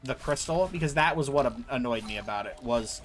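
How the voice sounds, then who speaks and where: A man's voice: medium pitch, fairly quick, soft background music. A young man streaming a game, ranting in frustration and repeating himself as he plays. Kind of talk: gameplay commentary.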